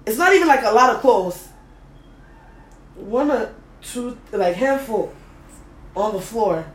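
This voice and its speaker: Animated woman telling a story in an echoey room. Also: fairly high pitch, takes it slowly, long pauses. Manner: animated, slangy, laughing storyteller. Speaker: host. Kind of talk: casual storytelling chat.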